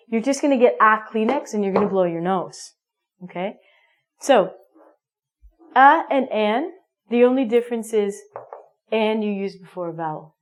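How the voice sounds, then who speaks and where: A woman's voice: mid-range voice, unhurried. A woman teaching an English grammar lesson, playful and emphatic, acting out little everyday scenes.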